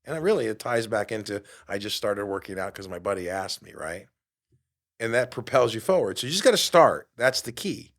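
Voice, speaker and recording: Animated New man telling a story. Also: fairly low pitch, a little fast. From New York. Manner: animated, acts out quoted dialogue. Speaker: podcast host. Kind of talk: storytelling monologue.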